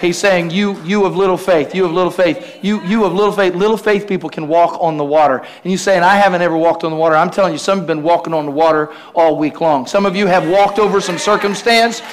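A male pastor preaching a lively sermon, calling out to the congregation and acting out the voices of the disciples. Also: high voice, fast talker, few pauses. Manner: preachy, call-and-response, acts out voices of the disciples.

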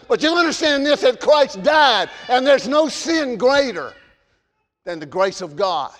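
High-voiced preacher man in a reverberant hall. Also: expressive, normal speed. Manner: repeats words, swings from loud emphasis to quiet. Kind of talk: sermon.

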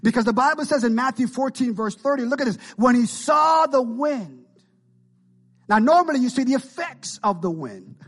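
A man's voice: extremely high pitch, expressive, normal speed. A male pastor preaching an impassioned sermon and calling out to his congregation.

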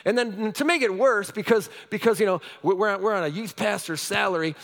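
Animated high-voiced male pastor in a hall. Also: fairly quick, gravelly. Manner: animated, swings between loud excitement and quiet asides. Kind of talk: storytelling sermon.

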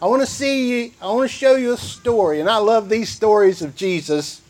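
A man's voice: high voice, normal speed. A man preaching a sermon, reading scripture and repeating key phrases for emphasis. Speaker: pastor.

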